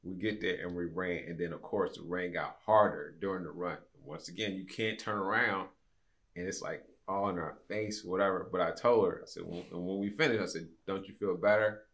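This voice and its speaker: Low-voiced man telling a story. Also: moderate pace, fairly bright tone. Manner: storytelling, acts out quoted people. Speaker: guest. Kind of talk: casual chat.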